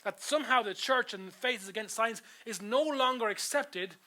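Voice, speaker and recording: A man's voice: very high-pitched, normal speed, pushed and bright. A man from Ireland preaching a sermon as pastor, earnest and full of rhetorical questions, often restarting and repeating words. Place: church auditorium.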